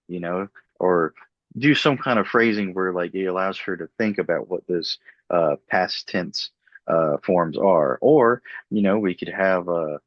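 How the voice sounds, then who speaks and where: A young man giving a class presentation as a student, hesitant with many filler pauses. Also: low voice, dry recording. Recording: dull lo-fi dry recording.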